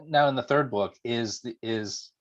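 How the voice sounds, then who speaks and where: A man's voice: medium pitch, a little slow. Rambling male host, dull lo-fi sound. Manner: rambling, rephrasing his questions. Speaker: interview host. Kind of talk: casual interview questions. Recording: dull lo-fi audio.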